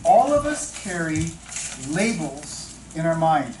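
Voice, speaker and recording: A man leading a teacher-mentoring workshop, chatting with the audience, asking questions and slowing down to stress key points. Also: a little high, sing-song, a little mellow, slight background noise. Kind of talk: interactive workshop talk. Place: training room with audience. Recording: echoey room, distant mic, faint ambience.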